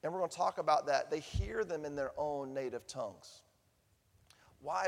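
A man preaching a sermon, animated, swinging from hushed lines to booming ones. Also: normal speed, creaky, in a large hall. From Southern United States. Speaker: pastor.

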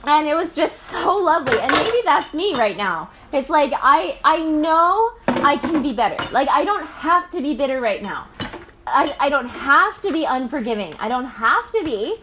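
Brief: mother in her thirties, casual reflective talk, very lively high voice that jumps around. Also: moderate pace, background noise. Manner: animated and chatty, full of filler and laughter.

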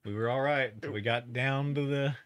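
A man co-hosting a casual podcast, playful with wry deadpan asides. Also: mid-range voice, fairly quick, dry recording. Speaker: podcast co-host. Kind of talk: casual chat.

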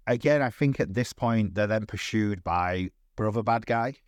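Brief: male podcast co-host, low voice, dry close recording, relaxed and profane. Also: normal speed, smooth, dry recording. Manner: chatty, self-deprecating, swearing. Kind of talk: casual film recap chat.

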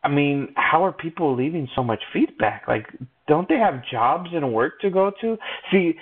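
A man's voice: fairly high pitch, expressive, normal speed, husky. A man hosting a podcast, chatting casually and teasing his guest in a rambling, joking way. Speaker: podcast host. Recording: tinny phone-like sound.

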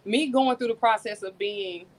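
Woman, storyteller, video call from home, animated, talks to her viewers. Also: medium pitch, normal speed, rough recording. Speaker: guest telling her story. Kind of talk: casual testimony to an online audience.

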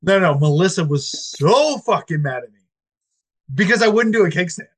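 A man in casual chat, telling a story in an animated, profane way and acting out what people said. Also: sits high, moderate pace. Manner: animated, profane storyteller who acts out quoted speech.

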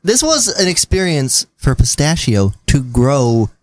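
A man's voice: medium pitch, big pitch swings, measured pace, no room sound. A man co-hosting a casual movie podcast, teasing and giggling as he defends silly scenes. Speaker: podcast co-host.

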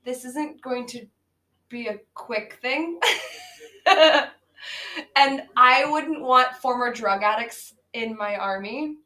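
A woman's voice: on the high side, slow pace, pushed and bright, poor audio. A woman co-hosting a casual podcast, rambling through a bad movie's plot with many fillers and frequent laughs. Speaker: podcast co-host. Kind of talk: casual movie-riffing chat.

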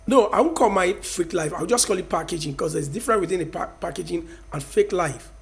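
High-voiced Nigerian man ranting. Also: a little fast, creaky. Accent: Nigerian, Yoruba-speaking. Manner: emphatic, preachy, mixes in Yoruba. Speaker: vlogger. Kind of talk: casual opinion rant to camera.

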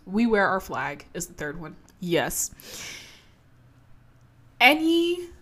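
Animated, foul-mouthed young woman vlogger. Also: mid-range voice, takes it slowly. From Maryland, USA. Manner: animated, profane, rambling. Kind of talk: casual reaction chat to an article.

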